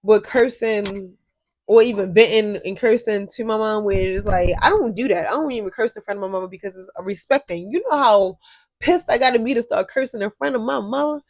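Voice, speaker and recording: Animated, profane woman telling a story. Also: mid-range voice, brisk, dry recording. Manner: animated, profane, talks straight to viewers. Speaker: storyteller vlogger. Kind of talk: casual storytime vlog.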